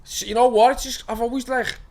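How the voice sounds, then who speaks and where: A man in his thirties with a Liverpool accent, telling stories as a guest in a casual podcast chat, excitable and full of swearing and laughter. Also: extremely high pitch. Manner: fast, excitable storyteller, swears a lot, lots of laughter. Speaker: guest actor.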